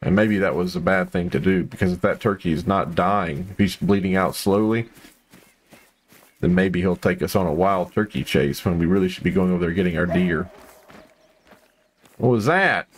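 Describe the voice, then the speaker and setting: A man with a low voice talks his way through a hunting video game. He rambles with plenty of fillers, then breaks into excited outbursts at each find. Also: moderate pace. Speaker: gameplay commentator. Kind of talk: casual gameplay commentary.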